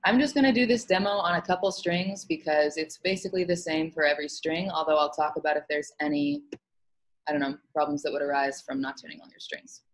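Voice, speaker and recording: A woman music teacher giving an online lesson, explaining calmly with frequent "um" fillers. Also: low voice, brisk, poor audio. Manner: relaxed explaining with many fillers.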